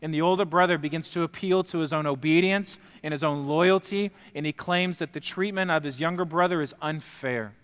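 A man's voice: on the high side, fairly quick, hardly any pauses, fairly bright tone, clear, resonant tone. A man pastor preaching an earnest sermon to a congregation in a church, building to emphatic points. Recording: long reverb in a hall.

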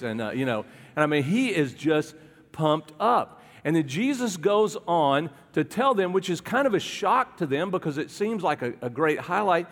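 A man's voice: on the high side, very animated, normal speed. Man preaching a sermon in a reverberant hall. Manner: conversational preaching, asks the congregation questions. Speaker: pastor. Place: church hall with a congregation.

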